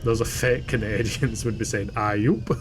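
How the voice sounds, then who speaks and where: Swearing, laughing gamer. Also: male voice, medium pitch. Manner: chatty, self-mocking, swears often, laughs a lot. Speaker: streamer. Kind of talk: live gameplay commentary. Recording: game music playing underneath. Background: game music.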